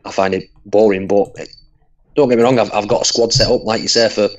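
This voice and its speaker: A man, a guest expert on a game stream, giving measured opinions and repeating his points. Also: fairly low pitch, steady tone. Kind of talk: casual group chat on a call.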